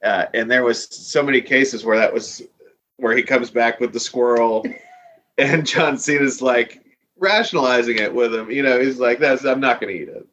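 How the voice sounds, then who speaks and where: A man's voice: medium pitch, normal speed, a bit bright, poor audio. A man who is a guest on a podcast, chatting casually and rambling with many fillers. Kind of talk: casual chat.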